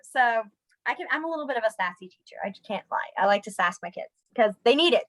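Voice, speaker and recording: Young woman, chatty class teacher, lightly self-mocking, slightly high voice. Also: quick pace, rough recording. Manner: chatty, self-deprecating, animated when students try signs. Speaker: sign language teacher. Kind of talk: casual online class instruction.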